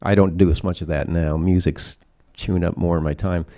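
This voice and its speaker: A man's voice: low voice, fairly even intonation, fairly quick, mellow. A man speaking at a conference, emphatic and preachy, leaning on vivid metaphors. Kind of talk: open-forum conference talk.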